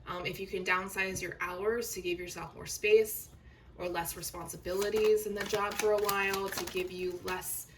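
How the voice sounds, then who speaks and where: A woman's voice: mid-range voice, little pitch movement, normal speed. A woman giving a casual tarot reading to her viewers, chatty and reassuring, often checking in with "okay?". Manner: chatty, reassuring, filler words, addresses viewers directly. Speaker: tarot reader. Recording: slightly distant mic with faint noise.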